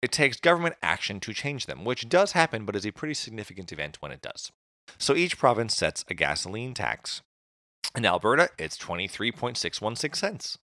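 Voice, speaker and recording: A man's voice: fairly low pitch, very animated, fairly quick, bright, forceful tone, dry recording, studio quality. A man from Atlantic Canada co-hosting a casual podcast, reading facts from notes with jokey asides. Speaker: podcast co-host.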